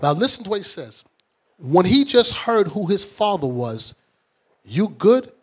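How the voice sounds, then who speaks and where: A man leading a bible study, explaining scripture in lively colloquial talk and acting out the characters. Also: high-pitched, moderate pace. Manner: animated, colloquial, acts out characters in street talk. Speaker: bishop teaching scripture.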